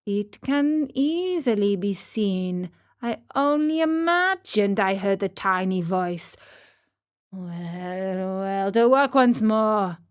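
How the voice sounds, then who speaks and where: A woman's voice: medium pitch, lively intonation, slow. A woman playing a jumpy old carpenter. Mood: nervous. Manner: mumbling, nervous, trembling. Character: old male carpenter, jumpy and easily frightened.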